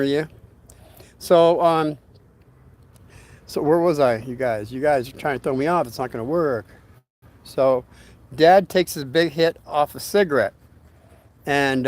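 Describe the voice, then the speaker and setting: An older man hosting a casual storytelling livestream, rambling in a folksy way and greeting viewers by name as he reads their comments. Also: medium pitch.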